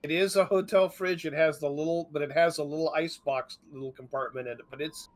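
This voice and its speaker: A man chatting casually during a game stream, halting and restarting his sentences. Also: on the high side, fairly even intonation. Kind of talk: casual chat while gaming.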